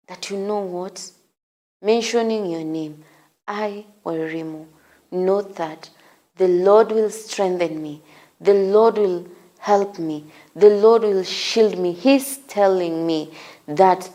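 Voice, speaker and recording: A woman hosting a morning devotional, preaching slowly with repeated, encouraging exhortations. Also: mid-range voice, darkish tone. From Kenya. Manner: slow, repetitive, encouraging exhortation. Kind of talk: sermon.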